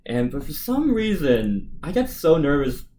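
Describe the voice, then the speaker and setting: A man co-hosting a podcast, telling a story in a casual, animated way and acting out the voices of the people in it. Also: a little high, a little slow, very noisy. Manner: animated, acts out quoted voices. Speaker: podcast co-host.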